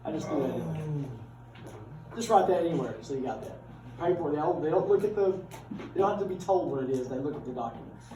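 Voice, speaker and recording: A man's voice: a little high, lively intonation, quick pace. A middle-aged man, teaching a class in a casual, joking, chatty way. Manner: folksy, joking, chatty with students. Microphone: far from the speaker. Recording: roomy classroom from far off.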